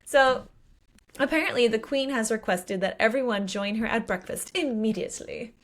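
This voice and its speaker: Young woman, book podcast co-host, casual animated recap, a bit higher voice, salty language. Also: moderate pace. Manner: animated retelling with acted quotes and swearing.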